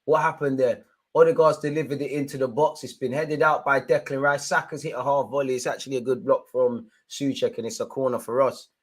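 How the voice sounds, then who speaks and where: An animated young man calls a football match live for his viewers, full of street slang. He talks in a steady, mid-pitched voice that climbs into heated outbursts aimed at the referee. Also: brisk. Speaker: live match watchalong host. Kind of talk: excitable live football commentary and reaction.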